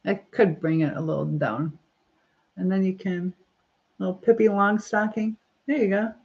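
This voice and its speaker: A middle-aged woman chats her way through a live stream, rambling from one viewer comment to the next and laughing often. Her voice sits at an ordinary pitch for a woman, and the recording sounds a little dull and lo-fi. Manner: chatty, rambling, frequent laughs. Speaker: livestream host reading viewer comments. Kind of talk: casual live chat while styling her hair.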